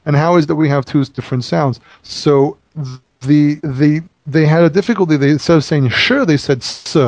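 A man's voice: a little high, a little mellow, dry recording. A man teaching in a conversational Bible study, explaining at length with frequent halts and restarts. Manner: halting, many restarts while explaining.

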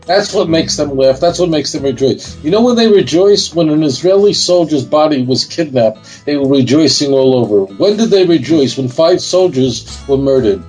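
A man's voice: medium pitch, darkish tone, rough recording. Guy on a talk show, emphatic, keeps repeating himself, voice swings all over. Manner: emphatic, repetitive, insistent. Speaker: guest.

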